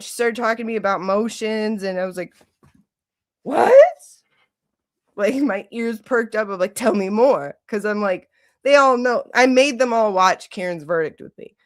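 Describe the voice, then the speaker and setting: A woman from Michigan hosting a livestream, chatting casually and ranting with lots of "like" and swearing. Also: medium pitch. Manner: animated, ranting, heavy use of "like", swearing. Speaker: livestream host.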